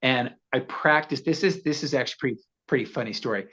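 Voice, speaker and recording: Man, 60s, guest storyteller; animated, laughs a lot, acts out voices; slightly muffled audio. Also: medium pitch, fast. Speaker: actor guest. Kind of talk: casual interview storytelling.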